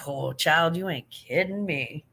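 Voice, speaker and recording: A woman's voice: deep voice, measured pace, creaky, a bit bright. A middle-aged woman hosting a casual live chat, answering viewers with laughs and affection while yawning and sleepy. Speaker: livestream host answering chat.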